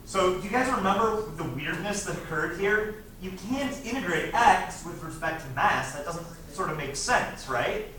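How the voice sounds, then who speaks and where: Brief: male teacher, slightly high voice, conversational lecture, distant mic in a roomy classroom. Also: animated, normal speed, few pauses, pushed and bright. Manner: conversational, checks in with frequent "right?". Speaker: physics teacher. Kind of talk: classroom lecture, reviewing test problems. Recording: echoey classroom, recorded from afar, noisy.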